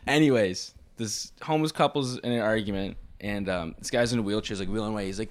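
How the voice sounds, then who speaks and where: A man's voice: on the low side, quick pace. Laughing young man telling a story. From Canada. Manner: laughs often, acts out quoted voices in stories. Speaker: podcast co-host. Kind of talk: casual profane chat.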